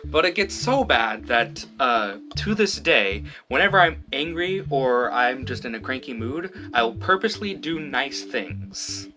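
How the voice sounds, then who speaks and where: Man podcast host, animated pitch, chatty storyteller who laughs a lot, music under the voice. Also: measured pace, few pauses. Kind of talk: casual chat. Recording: music playing in background.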